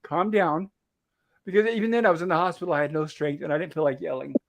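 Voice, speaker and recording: A man's voice: on the high side, expressive, racing, vocal fry. A man hosting a casual livestream chat, telling a rambling story and repeating "I said" as he recounts a conversation. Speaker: host.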